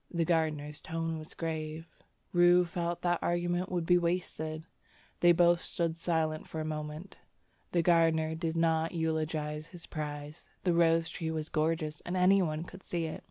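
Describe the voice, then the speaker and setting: A woman reads a story aloud in a low, unhurried voice. Her delivery is gentle and even, softening for quoted lines. The sound is close and dry, with no room around it. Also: dry recording. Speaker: audiobook reader. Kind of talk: scripted narration.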